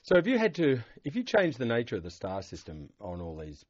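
A man's voice: mid-range voice, huge pitch swings, fairly quick, dry recording. A man hosting a radio interview, asking questions in a playful, teasing way. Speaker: radio host. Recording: dull dry radio studio sound.

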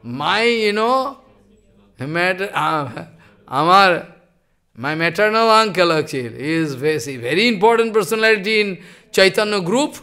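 A man's voice: high voice, expressive, a little slow, sharp tone, full character voice. A man voicing an offended young nephew who complains in a hesitant, aggrieved way.

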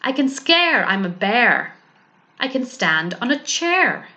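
Woman doing a higher, childlike storybook bear, slow and pleading. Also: sing-song, sharp tone, full character voice. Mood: proud. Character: little male bear, childlike, eager and easily upset.

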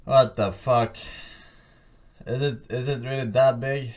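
A man's voice: mid-range voice, steady tone, slow pace. A man streaming and commenting casually, offhand and drawling, with frequent swearing.

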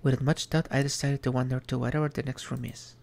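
Gravelly-voiced man reading a game. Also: mid-range voice, flat delivery, a little mellow. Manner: measured, reflective reading with small asides. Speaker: streamer. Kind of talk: reading game text aloud.

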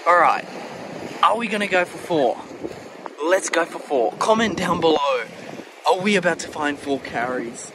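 Beach vlogger, unhurried, keeps exclaiming in disbelief, recorded outdoors with heavy wind hiss. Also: mid-range voice. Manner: exclaims often, thrilled and disbelieving. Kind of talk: excited shelling vlog. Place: beach at low tide, outdoors. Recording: wind noise on an outdoor mic. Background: wind and open-air ambience.

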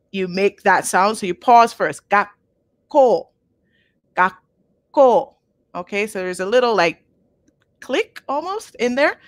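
A woman teaching a live online language lesson, patient and clear, modelling each word twice and checking in with "okay?". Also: mid-range voice, a bit bright, no echo. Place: home.

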